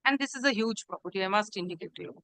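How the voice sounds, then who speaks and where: A woman's voice: mid-range voice, rapid-fire, gravelly, a bit bright, dry recording, low-quality recording. A woman advocate, making a formal, deferential submission to a judge in a courtroom hearing and addressing him as "my lord" again and again. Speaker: advocate arguing before a judge. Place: courtroom hearing, live-streamed.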